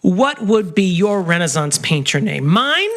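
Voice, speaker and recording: A man co-hosting a podcast who riffs quickly and spins playful bits out of the conversation. His voice is bright and forward, with pitch that moves around a lot. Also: sing-song. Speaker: podcast co-host. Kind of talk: casual chat.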